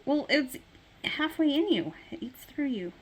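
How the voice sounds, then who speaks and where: Brisk woman, high animated voice. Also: a little hiss or hum, low-quality recording. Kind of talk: casual family chat.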